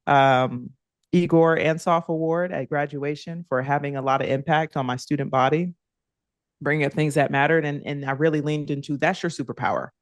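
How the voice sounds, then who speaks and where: Podcast guest, woman, 30s, expressive storyteller who does voices for the people she quotes; dry, close sound. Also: no echo. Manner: animated, acts out quoted kids in higher voices, laughs often. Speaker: podcast guest, former athlete. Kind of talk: conversational storytelling interview.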